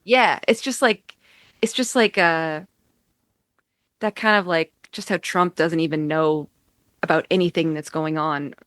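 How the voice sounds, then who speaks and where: Rambling woman guest, low dry voice. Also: measured pace, pauses often, a bit bright, dry recording. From United States. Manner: rambling, heavy use of "like". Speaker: musician guest. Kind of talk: casual chat. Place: home in upstate New York.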